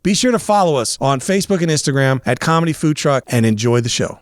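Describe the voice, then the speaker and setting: A man's voice: medium pitch, fast talker. A man hosting a comedy podcast, bantering casually with co-hosts, laughing often and joking around. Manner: jokey, laughs often, animated. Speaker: podcast host.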